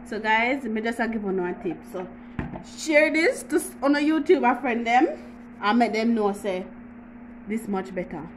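A woman's voice: on the high side, expressive, moderate pace, a little hiss or hum, rough recording. A woman with a Jamaican accent hosting a casual home how-to vlog, chatty and teasing, with frequent laughs. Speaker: YouTuber.

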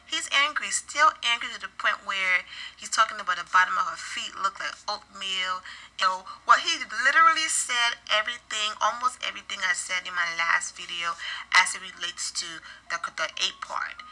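A woman's voice: mid-range voice, normal speed, pushed and bright, rough recording. A woman giving opinionated commentary on a celebrity feud in a conversational vlog style. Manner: opinionated, conversational, repeats "you know what I'm saying". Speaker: entertainment news vlogger.

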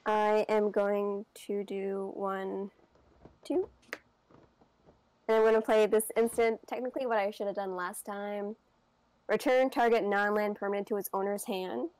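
A woman playing a card game, calmly narrating each of her moves step by step. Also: medium pitch, a little slow, low-quality recording. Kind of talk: casual game-table chat.

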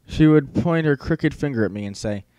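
A man's voice: medium pitch, expressive, normal speed, dark tone, no echo. Man narrating an audiobook. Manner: first-person storytelling, wry.

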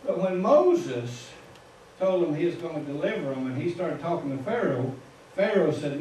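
A man's voice: fairly high pitch, sing-song, normal speed, darkish tone, a little hiss or hum. A man with a Midwestern American accent preaching an informal sermon in a church, telling the story in a folksy way and chuckling at his own asides. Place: church sanctuary. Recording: echoey room, far from the mic.

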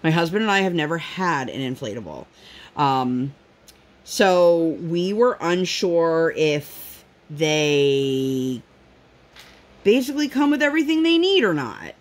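Woman in her thirties, chatty vlogger, lowish voice, rambling anecdotes full of "um" and "like". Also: very animated, takes it slowly. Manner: chatty storytelling, many fillers, acts out quotes in a higher voice. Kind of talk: casual chat while crafting.

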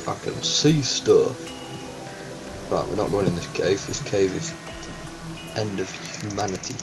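A man's voice: on the low side, creaky, poor audio. A man giving let's-play commentary on a game, exclaiming and yelping as things happen. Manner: excitable, yelps and exclaims at game events. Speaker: gaming channel host. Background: game music.

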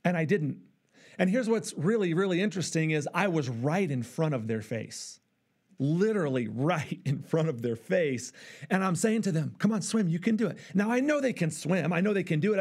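A man's voice: a little high, vocal fry, a little mellow. A middle-aged male pastor preaching a sermon, telling a family story and acting out the voices in it. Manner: storytelling, acts out voices in quotes.

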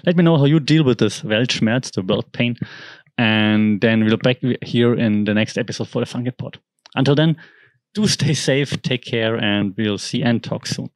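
A medium-pitched man with German as his first language hosts a podcast, chatting through the news at a moderate pace. His casual commentary rambles and often restarts, with no room sound.

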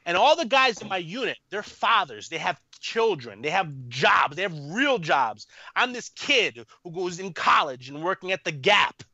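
A man in his thirties, a guest on an interview podcast, telling a story in a rambling, animated way with lots of fillers. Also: high-pitched, normal speed, few pauses, dry recording. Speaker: podcast guest, army veteran. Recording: muffled lo-fi, dry room.

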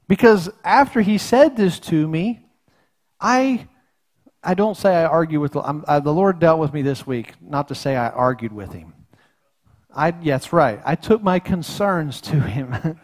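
A middle-aged man preaching a sermon in his church in an earnest, folksy way, often repeating and restarting his words. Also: on the high side. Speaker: pastor. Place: church sanctuary.

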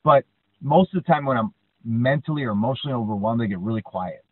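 A man's voice: medium pitch, fast, dry recording. A man co-hosting a podcast in casual chat, telling stories and often tagging lines with "right?". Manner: chatty, frequent "right?" tags, animated storyteller. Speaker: podcast co-host. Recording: dry, tinny phone-like line.

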